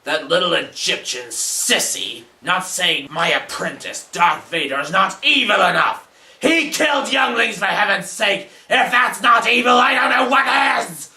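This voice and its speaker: A gloating old Sith emperor, evil and bright-toned, rising to shouts, as a man puts him on. The voice swings high and low. It sounds roomy and distant, like a home video. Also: expressive, measured pace, hardly any pauses, heavily acted. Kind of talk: comedy sketch review.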